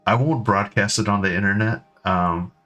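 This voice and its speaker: Against soft background music, a low male voice sounds bright and forceful at a moderate pace. The speaker, an American in his thirties, chats casually with stream viewers, rambling and hesitant with many ums and restarts.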